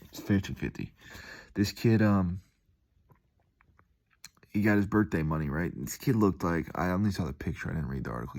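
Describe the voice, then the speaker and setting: A young man rambles in a relaxed, easygoing way, tossing in dude and man as he goes. His voice sits very low. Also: creaky. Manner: laid-back, calls the listener dude and man, mimics angry voices in stories. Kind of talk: rambling casual monologue.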